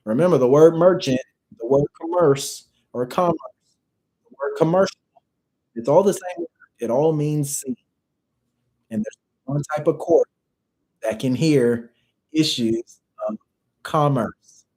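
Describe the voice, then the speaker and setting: A man's voice: fairly high pitch, unhurried, pauses often, dark tone, rough recording. A man teaching a livestream class in a loose, conversational way, reading definitions aloud and repeating phrases for emphasis. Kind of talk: casual lecture reading from dictionaries.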